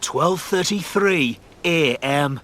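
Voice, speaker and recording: A man narrating a reality show in a scripted, measured way. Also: a little high, lively intonation, very noisy.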